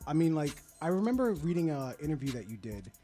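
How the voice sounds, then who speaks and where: A man's voice: fairly high pitch, very animated, fast, mellow, faint music behind. A man co-hosting a radio interview, asking blunt, probing questions. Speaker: radio co-host.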